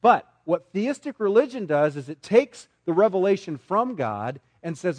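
A man's voice: high voice, sing-song, moderate pace, hardly any pauses, dry recording. A man preaching a sermon to a congregation, emphatic and full of rhetorical questions, often restarting his words. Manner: frequent repeated restarts. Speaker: pastor.

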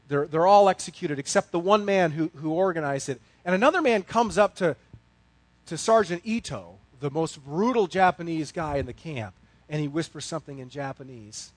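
A male pastor preaching with a high, lively voice that leaps up and drops low. He tells a story, moving from hushed tones to loud bursts. The sound is close and dry, with no room echo. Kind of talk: sermon.

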